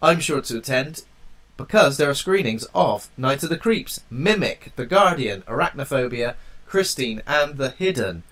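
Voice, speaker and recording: Man, English, has a cold, podcast co-host, casual and jokey, middle pitch. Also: lively intonation, moderate pace, fairly bright tone. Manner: chatty, jokey, loose with wording.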